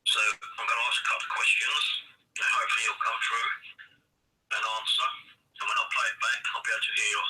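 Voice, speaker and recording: Distant bright-voiced man questioning spirits. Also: mid-range voice, fairly even intonation. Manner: slow, deliberate questioning. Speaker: paranormal investigator. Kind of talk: ghost-hunting questions to spirits.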